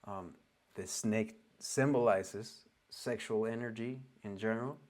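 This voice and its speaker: Slow, halting man with Oregonian accent. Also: on the low side, a little mellow. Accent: Oregonian English. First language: not English. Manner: halting, searching for words, frequent restarts. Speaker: spiritual teacher. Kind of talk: loose spoken lesson.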